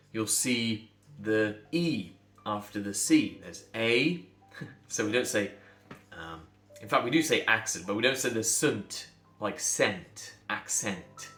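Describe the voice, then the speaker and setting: A man's voice: lowish voice, a bit bright. A man coaching pronunciation, explaining step by step, spelling out letters and demonstrating sounds. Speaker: accent coach. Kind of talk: instructional talk to camera. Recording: echoey room, faint music behind.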